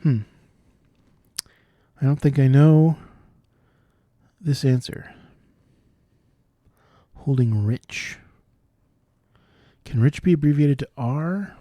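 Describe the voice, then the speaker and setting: A man solving cryptic crossword clues out loud, thinking through each one and explaining the wordplay as he goes. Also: medium pitch, drawn-out words, long pauses, no echo. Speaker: puzzle solver.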